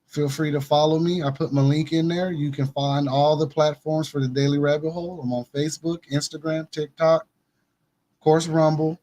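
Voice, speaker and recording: A man with a slightly raised pitch hosts a casual conspiracy news commentary. He speaks emphatically, pressing each point and repeating it for the listener. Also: flat delivery, normal speed, warm tone. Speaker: host of a news commentary show.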